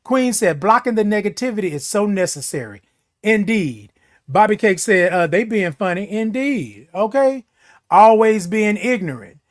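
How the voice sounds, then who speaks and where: High-voiced man hosting a livestream. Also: animated, normal speed. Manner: reads viewer comments aloud and answers them; says "indeed" and "y'all" often. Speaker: livestream host. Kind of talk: casual livestream chat reading comments.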